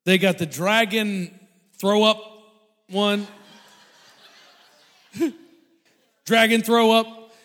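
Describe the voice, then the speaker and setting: A man telling a funny personal story to an audience, animated and laughing often mid-sentence. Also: sits high, very slow, long pauses, long reverb tail.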